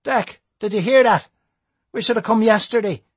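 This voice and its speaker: Jumpy, clumsy young robber, pitched high and loud, husky grain, voiced by a man. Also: sing-song, a little fast, no echo, exaggerated voice. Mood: earnest. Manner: high, shaky and eager. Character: nervous young male robber, jittery and clumsy.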